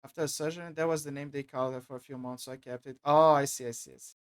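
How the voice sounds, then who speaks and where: A man's voice: medium pitch, steady tone, very fast, clean tone. A man streaming a video game, chatting casually and rambling with lots of restarts and fillers. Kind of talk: casual gameplay commentary.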